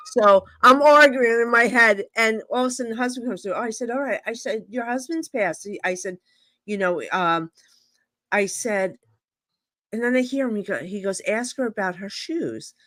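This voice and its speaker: On a live stream video call, a female psychic medium tells stories casually, blunt and animated, playing both sides of each exchange herself. Her pitch is fairly high and her pace moderate, with no room sound.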